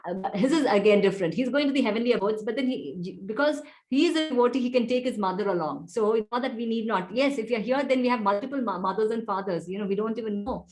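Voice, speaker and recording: A woman's voice: fairly high pitch, fast talker, few pauses, a little mellow. Woman teaching a devotional class. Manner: discursive, full of "you know" asides. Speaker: teacher leading a scripture class.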